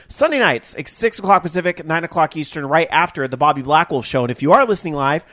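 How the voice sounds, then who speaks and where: A man hosts a live gaming radio show and keeps up a loose, chatty ramble. His voice sits a little higher than most men's. He stays upbeat and talks straight to his listeners. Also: a bit bright. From Northern California. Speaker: podcast host. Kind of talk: casual live radio chat.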